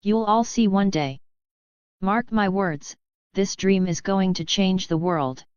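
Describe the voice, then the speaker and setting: A woman's voice: medium pitch, takes it slowly, darkish tone, smooth, dry recording, close to an everyday voice. A woman voicing a brash, theatrical young man who declaims grandly. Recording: dull lo-fi audiobook audio.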